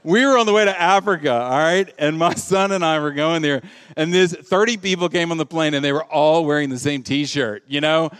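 A middle-aged man from the American South, a pastor giving a jokey, animated sermon and acting out quoted voices. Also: fairly high pitch, moderate pace, clear, resonant tone. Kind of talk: humorous sermon.

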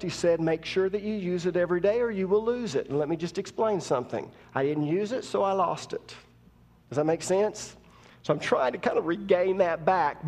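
A man's voice: fairly high pitch, big-room sound. A man preaching a sermon as pastor, talking conversationally while teaching and rising to emphatic preaching. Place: church.

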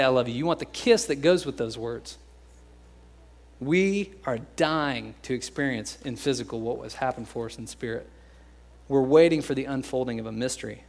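A young American man preaching a sermon in a casual, joking way, slipping into quick impressions of other people. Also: medium pitch, a little mellow. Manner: conversational and joking, acts out quoted voices. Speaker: pastor.

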